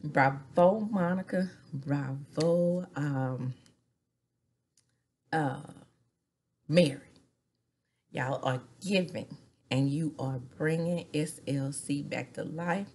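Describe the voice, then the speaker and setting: Husky-voiced gossiping woman in her forties. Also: low-pitched, slow, long pauses, a little mellow. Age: 40s. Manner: gossipy, laughing often, drops into whispers. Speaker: recap vlogger. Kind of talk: casual reality-TV recap.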